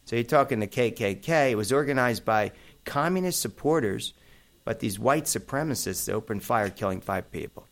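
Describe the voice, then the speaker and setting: A man's voice: medium pitch, expressive, moderate pace. A middle-aged man hosting a casual chat, rambling through memories with plenty of fillers and asides. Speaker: host.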